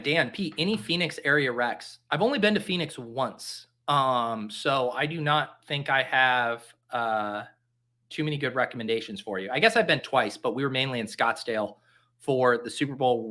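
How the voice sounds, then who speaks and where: A man's voice: mid-range voice, moderate pace, bright, forceful tone. A man hosting a casual livestream, joking and reading chat aloud in a mock-earnest way. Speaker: fantasy football streamer. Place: home basement.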